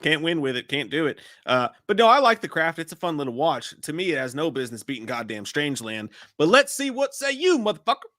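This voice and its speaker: A man co-hosting a live movie show, chatting casually and swearing freely as he tells stories with excitement. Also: mid-range voice, fast talker, few pauses, no echo, clean studio sound. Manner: profane, excitable, animated storytelling. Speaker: podcast co-host. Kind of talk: casual live-stream banter.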